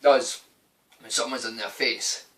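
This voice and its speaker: A man's voice: medium pitch, steady tone, a little slow, a bit bright, distant mic, poor audio. A young Scottish man telling a story to camera in a rambling, casual way, swearing freely. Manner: rambling, heavy swearing, loose and conversational. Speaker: vlogger.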